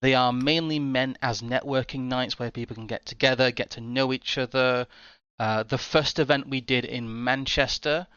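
A man's voice: mid-range voice, fairly even intonation, moderate pace, fairly bright tone, smooth, no echo, highs cut off. A man hosting an interview, chatty and a bit rambling, with frequent restarts as he covers event details. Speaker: host.

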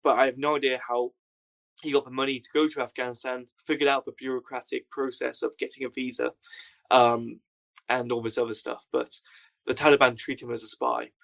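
A young man telling wry, animated stories as an interview guest. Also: medium pitch, fairly quick, gravelly. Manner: wry, animated storyteller who acts out quotes. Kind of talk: casual storytelling.

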